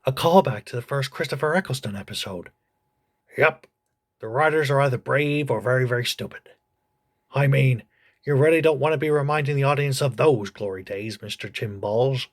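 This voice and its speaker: A man hosting a comedic TV review, mocking the episode with crude, deadpan jokes. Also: medium pitch.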